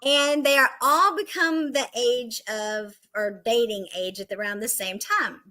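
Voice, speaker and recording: Giggly rambling woman, a touch high. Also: unhurried, pushed and bright, a little hiss or hum. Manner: giggly, rambling, loses her place. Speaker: podcast co-host. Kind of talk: casual joke-telling chat.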